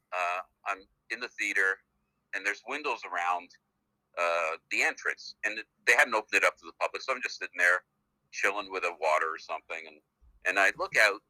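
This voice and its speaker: Canadian male actor, middle-aged, phone guest; chatty rambler, low-pitched, very bright and tense. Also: no echo, low-quality recording. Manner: chatty, rambling storyteller with many fillers. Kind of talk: casual phone interview. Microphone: phone call.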